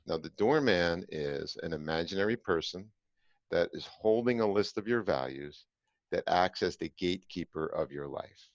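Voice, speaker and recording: A man's voice: sits low, expressive, moderate pace, no echo, lo-fi sound. A man hosting a podcast, telling a personal story to his co-host in an earnest, emphatic way with filler "uh"s.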